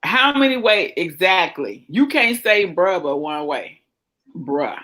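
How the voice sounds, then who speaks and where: A woman's voice: fairly low pitch, big pitch swings, measured pace, fairly bright tone. A woman chatting casually with a friend about her teenage son, emphatic and drawn out. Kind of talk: casual chat.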